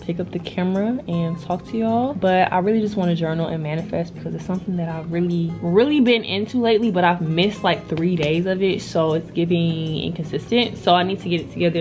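A woman's voice: lowish voice, steady tone, fairly quick. A young woman talking casually to her camera at home, slangy and chatty, often breaking off mid-thought. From United States. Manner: chatty, slangy, self-interrupting. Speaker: vlogger. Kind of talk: casual vlog chat. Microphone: camera or phone mic. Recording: music playing behind.

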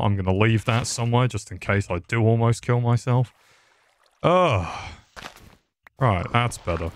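Lower-voiced young gamer, crude dark humor, loose rambling delivery. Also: male voice, a little hiss or hum. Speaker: gaming YouTuber. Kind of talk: casual Minecraft commentary.

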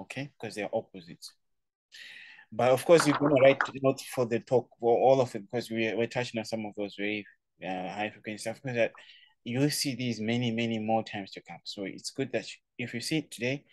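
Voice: medium pitch, no echo. A Chinese tutor on a video call, giving a casual online language lesson, playful, laughing often and repeating words for drill.

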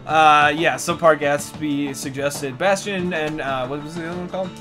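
A man's voice: on the high side, fairly even intonation, normal speed. A man hosting a casual gameplay video, chatting loosely and joking with a lot of fillers. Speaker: gaming channel host. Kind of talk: casual let's-play chat. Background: game music.

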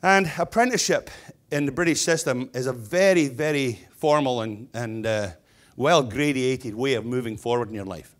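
A man's voice: mid-range voice, moderate pace, few pauses. A Scottish man in his sixties giving a keynote speech as a stonemason, in a blunt, jokey, conversational manner. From Scotland.

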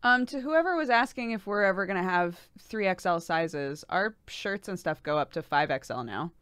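A woman's voice: on the low side, expressive, moderate pace, fairly bright tone, smooth, no echo, clean studio sound. A woman streaming to her viewers in casual chat, talking chattily with many fillers and giggles.

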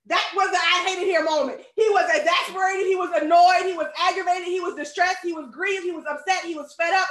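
Animated woman preaching in an echoey church. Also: sits high. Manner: lively, conversational preaching with rising emphasis. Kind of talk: sermon.

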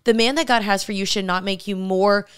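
A young woman co-hosting a casual podcast, giving earnest, heartfelt advice in a rapid flow of talk. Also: mid-range voice, fairly even intonation, a bit bright, clean tone, no room sound, studio quality. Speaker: podcast co-host. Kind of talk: casual chat.

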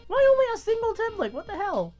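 A woman's voice: extremely high pitch, huge pitch swings, quick pace, lo-fi sound, faint music behind. A young woman giving casual gameplay commentary, giggling, exclaiming, and reading game text aloud. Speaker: let's play host.

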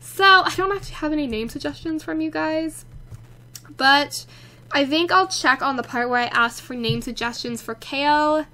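Bright, excitable young woman commentating a game. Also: high voice. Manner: chatty, excitable, talks to her game characters. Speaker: let's play host.

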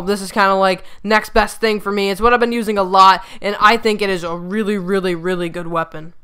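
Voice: mid-range voice, bright, forceful tone, clear, resonant tone. A gaming YouTuber giving casual gameplay commentary, rambling with lots of fillers and stumbling over words, recorded on a desktop USB microphone.

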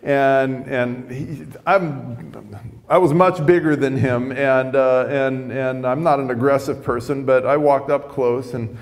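A man's voice: medium pitch, steady tone, slow pace, in a large hall. A man preaching a sermon, telling a story conversationally with frequent restarts.

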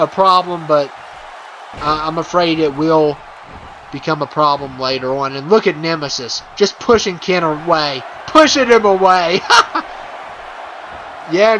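A man giving playful, excitable wrestling commentary over a video game, chuckling often and full of fillers and restarts. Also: fairly high pitch, slight background noise, low-quality recording.

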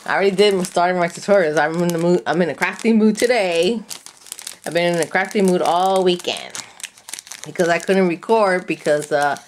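A woman's voice: lowish voice, normal speed, slight background noise. A woman chatting casually as she unboxes craft supplies, gushing and gasping with delight over each item. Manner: gushing, breathy gasps and delighted exclamations. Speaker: craft vlogger.

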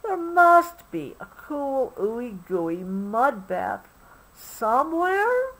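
A woman voicing an eager little male rhino calf in a storybook read-aloud, squealing with excitement. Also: slow pace, breathy edge, heavily acted, poor audio. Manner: excited, squealing, high and bright.

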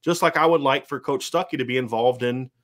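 A man hosting a sports podcast, giving animated football analysis and acting out coaches' voices in quick quotes. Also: medium pitch. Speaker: host. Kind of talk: fast sports analysis chat.

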